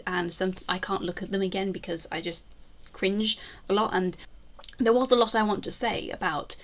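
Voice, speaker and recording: A woman chatting casually as a YouTuber, rambling through self-deprecating asides. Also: mid-range voice. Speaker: YouTuber ranking screen portrayals. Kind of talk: casual chat to camera.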